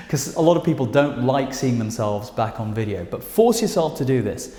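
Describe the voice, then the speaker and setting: A man with a British accent teaching presentation skills straight to camera, speaking emphatically with lively intonation. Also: medium pitch, moderate pace. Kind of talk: direct-to-camera instructional talk. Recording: echoey room with long reverb.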